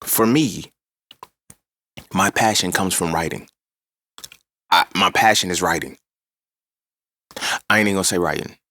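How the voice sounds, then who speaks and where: A man hosting a casual monologue, animated and profane as he tells his own story. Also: deep voice, unhurried, long pauses. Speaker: podcast host.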